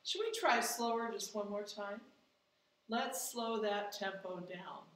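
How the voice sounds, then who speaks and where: In a distance-learning music lesson, a woman speaks slowly in a mid-range, slightly bright voice, patiently explaining to children at home and counting out rhythm syllables. The recording has slight background noise, an echoey room and a mic placed at a distance.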